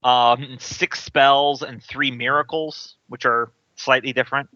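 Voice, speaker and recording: A man's voice: medium pitch, level tone, unhurried, pushed and bright, no echo, lo-fi sound. A man running an online tabletop game as game master, patiently explaining the rules with frequent restarts.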